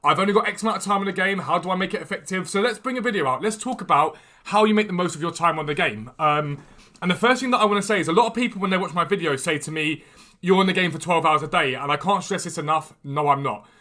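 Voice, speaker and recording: A man hosting a gaming livestream, chatting quickly and enthusiastically as he trades and answers questions from chat. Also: high-pitched, pushed and bright. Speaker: gaming streamer and video host. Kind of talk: casual livestream chat while trading in a football game. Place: room at home with a door.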